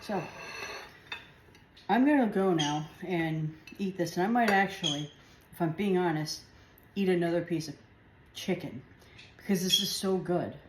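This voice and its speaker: A woman's voice: on the low side, unhurried, pauses often. Chatty woman in an echoey kitchen. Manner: chatty, rambling, tastes food while talking. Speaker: home cooking vlogger. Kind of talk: casual chat while cooking. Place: home kitchen. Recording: echoey kitchen with faint household noise.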